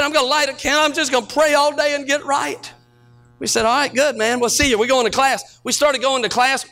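A man preaching a sermon in an unusually high voice. His tone is bright and sharp, and he tells stories before climbing to shouted peaks. He sounds middle-aged and speaks as the pastor.

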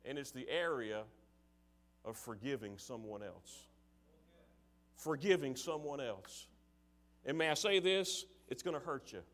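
A man preaching a sermon, moving from casual, filler-laden asides to forceful, emphatic calls to his listeners. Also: medium pitch, lively intonation, a little slow, pauses often. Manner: acts out his father's sarcastic voice.

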